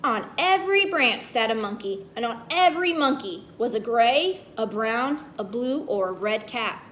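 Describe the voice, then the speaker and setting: A woman's voice: fairly high pitch, expressive, normal speed, fairly bright tone, slight background noise. A woman reading a children's story aloud, playfully asking the kids questions as she goes.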